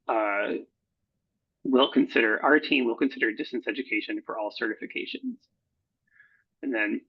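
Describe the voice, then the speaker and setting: A man with a gravelly, husky voice teaches a writing workshop over his slides, often pausing on fillers and restarting words. The sound is dull and lo-fi, like a computer mic. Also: medium pitch. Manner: halting, frequent fillers and self-corrections. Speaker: proposal editor. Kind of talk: recorded workshop lecture. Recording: dull lo-fi recording.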